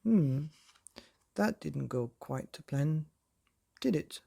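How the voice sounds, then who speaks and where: A prim, gushing middle-aged mother from a bedtime storybook, put on by a man narrator. She talks in a high, fussy, effusive way. The husky, gravelly grain of the voice stays underneath. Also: lively intonation, slow, warm tone, exaggerated voice.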